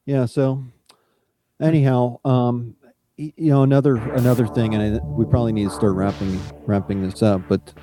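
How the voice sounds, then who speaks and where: A man's voice: mid-range voice, fairly even intonation, normal speed, warm tone, soft background music. A man co-hosting a podcast, talking in a casual, reflective way with many "you know" fillers. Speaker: podcast co-host.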